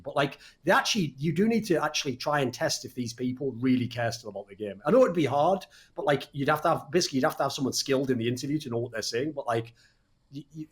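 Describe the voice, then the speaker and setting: A man hosting a casual esports podcast, animated and swearing freely, often mimicking other people. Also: mid-range voice. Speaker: podcast host.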